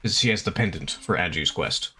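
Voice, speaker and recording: A man's voice: low-pitched, animated, brisk, pushed and bright, husky. A young man casually commenting while he plays a video game, chatty and swearing freely, talking to his chat and to the game. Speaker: streamer. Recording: faint game music behind.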